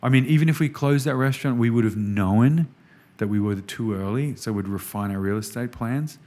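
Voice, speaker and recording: Australian male podcast guest, casual and lively, full of anecdotes. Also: mid-range voice, brisk. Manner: animated storyteller, says "man" often. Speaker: restaurant executive guest.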